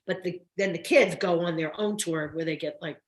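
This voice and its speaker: A woman's voice: on the low side, moderate pace. Effusive chatty woman, roomy echo. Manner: chatty, effusive, frequent restarts. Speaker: guest, soap actress. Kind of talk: casual interview chat.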